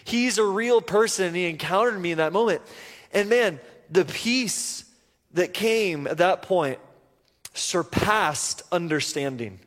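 A man preaching a sermon, telling a personal story earnestly with halting restarts. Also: high voice, lively intonation, fairly bright tone. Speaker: pastor. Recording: reverberant church hall.

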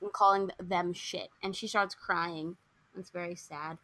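A woman's voice: lowish voice, fairly even intonation, measured pace, fairly bright tone. A woman chatting casually on a podcast, recapping a film and acting out the characters' lines.

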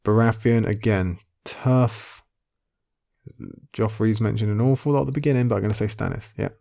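Gravelly low-voiced man musing over a quiz. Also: normal speed, mellow. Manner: muttering guesses half to himself, then committing. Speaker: video creator playing an online quiz. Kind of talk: casual thinking-aloud commentary.

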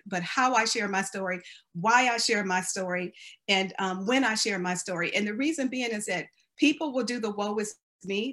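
A woman's voice: medium pitch, fairly bright tone. A middle-aged American woman giving an earnest, faith-filled personal testimony as a cancer survivor. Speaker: cancer survivor sharing her story.

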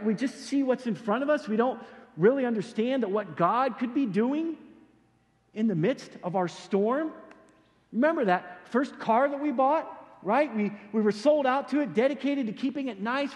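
Male pastor, high and very expressive voice, casual animated sermon, long hall reverb. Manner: casual, animated storytelling with slangy asides.

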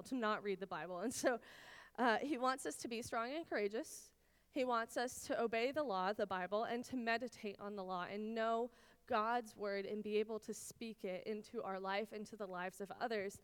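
Young woman from israel doing bible study, kinda high smooth voice, chatty and heartfelt. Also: in a large hall. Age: 20s. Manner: earnest and personal, many "like"s, emotional at times. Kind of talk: informal Bible teaching.

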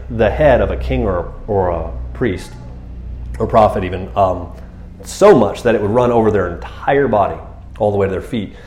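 Male pastor, mid-range voice, lively sermon delivery with acted-out character voices, echoey room. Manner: animated storytelling, acting out scenes with high excited voices and laughter.

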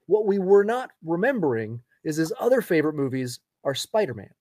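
Male podcast co-host, thirties, animated storyteller, slightly raised pitch. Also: a little fast, no echo. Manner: animated storyteller, laughs through his anecdotes. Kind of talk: casual chat.

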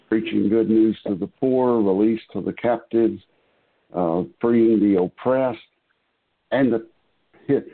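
A man on a discussion panel sharing his thoughts slowly and thoughtfully, with hesitant restarts. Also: on the low side. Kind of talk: reflective casual discussion. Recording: tinny phone-like line.

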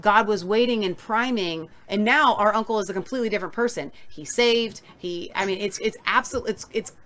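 Female co-host, mid pitch, eager and chatty, repeats words. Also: fairly quick, fairly bright tone. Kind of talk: casual faith talk show.

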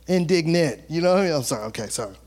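A man's voice: on the high side, very fast. A male pastor preaching a sermon, reading scripture aloud and breaking into humorous, colloquial asides that act out the people in the story. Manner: animated, acts out characters in colloquial asides; reads scripture aloud then comments with humor.

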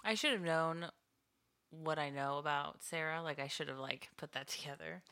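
Woman podcast co-host, bright and slightly low pitched, emphatic casual storyteller. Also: moderate pace, creaky, smooth. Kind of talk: casual book-club chat.

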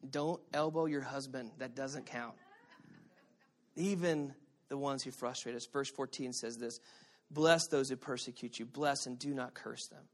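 A middle-aged male pastor preaching a sermon, telling stories with animated energy and shouting at the high points. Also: a little slow. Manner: animated storytelling, shouting at peaks.

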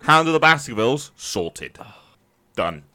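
Norfolk guy on a podcast, bright lively voice all over the place, playful. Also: mid-range voice, measured pace. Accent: English, Norfolk. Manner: animated, playful, swears. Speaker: podcast co-host. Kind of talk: casual banter.

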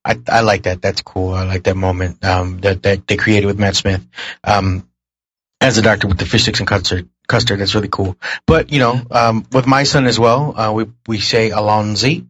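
A man on a podcast panel, easygoing and a bit hesitant, filling pauses with "um". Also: on the low side, steady tone, a bit bright, husky, rough recording. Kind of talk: casual panel chat.

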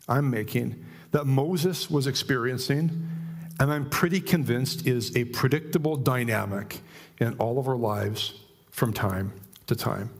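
Emphatic man preaching a sermon. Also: medium pitch. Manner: emphatic, animated, asks the congregation questions. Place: church.

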